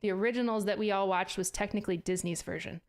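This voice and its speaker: A woman's voice: mid-range voice, fast. A woman streaming and chatting casually, playful and self-mocking, laughing often and cursing now and then as she trips over words. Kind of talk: casual chat.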